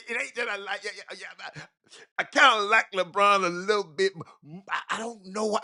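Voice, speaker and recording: His voice is high, bright, and forceful, carried with a drawl. As host of a loose sports call-in show, he rambles across topics, fumbles his words, says the same phrases again, and keeps referring to listeners as y'all.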